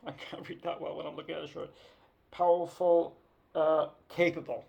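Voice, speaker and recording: A woman's voice: deep voice, fairly even intonation, moderate pace, vocal fry. A woman vlogger telling a story in a chatty, self-mocking monologue to the viewer.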